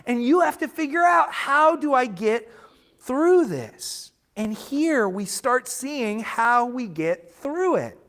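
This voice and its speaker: A man's voice: very high voice, very animated, slow pace, fairly bright tone. A man preaching a sermon as pastor, earnest and emphatic, sometimes restarting words mid-phrase. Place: church sanctuary.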